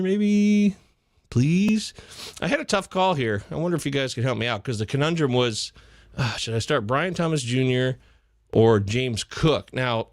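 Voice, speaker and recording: A man hosting a live fantasy football chat in a jokey, excitable way, jumping from loud bursts to muttered asides. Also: mid-range voice, no room sound, studio quality. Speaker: podcast host.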